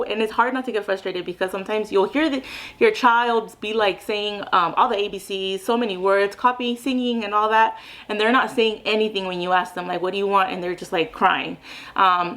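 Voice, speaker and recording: A woman's voice: medium pitch, a bit bright, poor audio. Young woman, mom and therapist, chatty, lots of fillers, casual advice talk.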